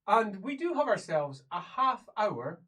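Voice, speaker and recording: Man, game master, animated delivery, quick laughs. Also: high-pitched, slightly rough. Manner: lively, laughing, drops to a hushed mumble for side characters. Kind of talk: narrating a tabletop game.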